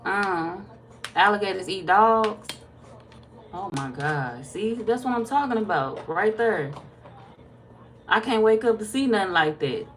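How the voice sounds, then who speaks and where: A woman tarot reader casually chatting with viewers on a livestream, reading their comments aloud, laid-back and quick to laugh. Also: mid-range voice, expressive, a little hiss or hum.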